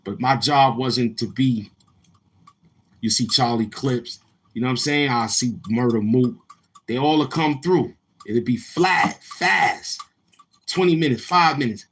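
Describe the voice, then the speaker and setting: A Brooklyn, New York man speaks a little slowly in a medium-pitched, fairly bright, slightly rough voice. Hosting a livestream, he rambles through repetitive stories in loose street talk, acting out others' quoted lines.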